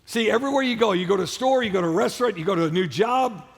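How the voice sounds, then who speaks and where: Pastor guy preaching loud, high gravelly voice, big echoey church hall, keeps getting the crowd to say stuff back. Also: very fast. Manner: preaching with call-and-response to the congregation; emphatic, repetitive, shouted peaks. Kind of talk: sermon. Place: large church auditorium. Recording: long hall reverb of a church auditorium.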